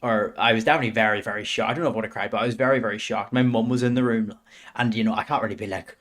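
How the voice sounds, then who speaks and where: Young guy, lowish voice, laid-back, kinda hesitant chat. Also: steady tone, racing, fairly bright tone. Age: 20s. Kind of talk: casual chat.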